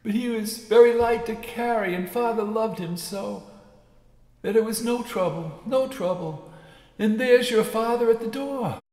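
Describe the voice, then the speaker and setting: A gentle mother speaks quietly through her grief, as a man reads her. Her voice is soft and lifted high, tender rather than loud. It suits a classic audiobook scene. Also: a little slow, roomy sound, long reverb tail, rough recording. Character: grieving gentle mother, middle-aged woman.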